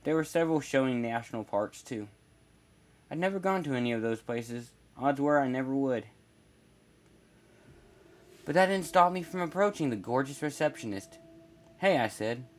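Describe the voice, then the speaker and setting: A man's voice: mid-range voice, expressive, moderate pace, pauses often. A man narrating a first-person horror story in a plain, wry storytelling manner.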